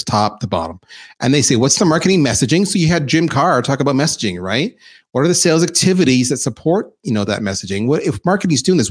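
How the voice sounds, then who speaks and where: A man presenting slides in an informal, emphatic business talk, speaking as a chief revenue officer. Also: medium pitch.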